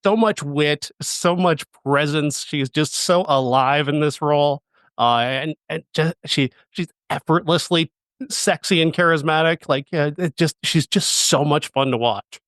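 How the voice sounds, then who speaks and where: A man's voice: on the high side, a bit bright, dry recording. A man hosting a movie review podcast who talks with eager enthusiasm, stumbling over restarts as he praises a film. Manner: enthusiastic, halting, with many fillers and restarts. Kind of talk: casual review chat.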